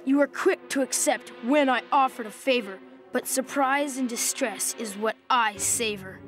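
High-voiced rhyming cartoon fairy prankster, a woman doing him, theatrical and sly, music faintly behind. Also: normal speed, a bit bright, close to an everyday voice. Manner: speaks in singsong rhymes, theatrical and sly. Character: mischievous male fairy trickster, smug and rhyming. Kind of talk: cartoon voice acting.

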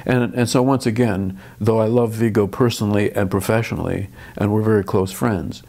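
A man's voice: fairly low pitch, fairly even intonation, moderate pace, darkish tone. An older man, a film director, talking thoughtfully in an interview with frequent restarts. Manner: thoughtful, restarts often, dry chuckles. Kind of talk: interview conversation.

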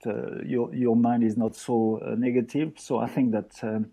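A man's voice: medium pitch, flat delivery, moderate pace, vocal fry, warm tone, husky. An older man from France with a French accent, chatting as a podcast guest with frequent restarts. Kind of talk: casual podcast chat.

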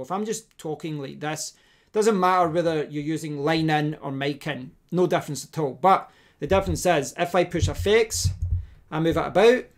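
At his home desk, a man with a fairly high voice gives a relaxed, conversational tech tutorial, thinking aloud and often restarting sentences as he plugs and unplugs cables. He speaks into a desk microphone, switching between mics.

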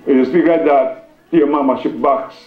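A man preaching a sermon as pastor, trading call and response with the congregation and reading scripture slowly, with a Chicago accent. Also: medium pitch, steady tone. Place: church sanctuary. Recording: echoey church, muffled lo-fi sound.

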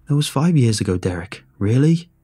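A man's voice: mid-range voice, sing-song, normal speed, dark tone, husky. A man voicing a stubborn, skeptical male station chief in a story reading.

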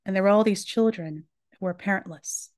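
A woman's voice: medium pitch, brisk, darkish tone, dry recording. A woman giving a religious lecture, earnestly retelling a survivor's story in her own words.

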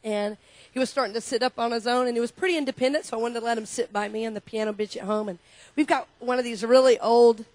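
High-voiced woman minister preaching. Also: fairly even intonation, fast, darkish tone, dry recording. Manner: call-and-response preaching, inviting the congregation to repeat; conversational and personal, with asides. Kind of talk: sermon. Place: church sanctuary.

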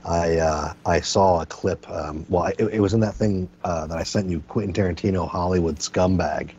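A man's voice: deep voice, steady tone, normal speed, a little mellow, husky, dull audio. A man co-hosting a podcast, rambling and sarcastic in casual commentary. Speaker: podcast co-host.

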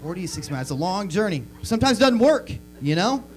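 Animated high-voiced male stand-up comic. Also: fast. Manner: crude, animated storytelling with acted-out bits. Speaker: stand-up comedian. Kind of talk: live stand-up comedy. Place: comedy club stage. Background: audience laughter.

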